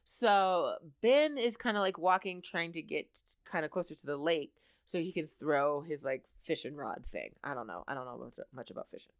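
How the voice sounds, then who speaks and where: Chatty woman host with a lowish voice. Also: lively intonation, moderate pace, hardly any pauses, no echo, studio quality. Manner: chatty, filler-heavy, laughing asides. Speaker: host recapping a TV episode. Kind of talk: casual chat.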